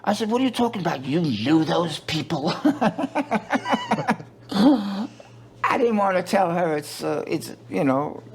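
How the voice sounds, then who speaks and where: A man's voice: high-pitched, lively intonation, unhurried, long pauses. A middle-aged man, a guest telling stories in a profane, joking way and acting out the people he quotes. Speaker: interview guest. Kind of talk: casual storytelling.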